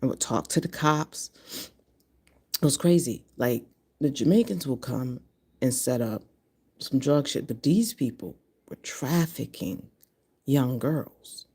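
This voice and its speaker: A woman's voice: a bass voice, slow, pauses often, darkish tone, slightly rough. Blunt, profane woman in her fifties. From Connecticut, US. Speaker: vlogger. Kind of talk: casual monologue to camera.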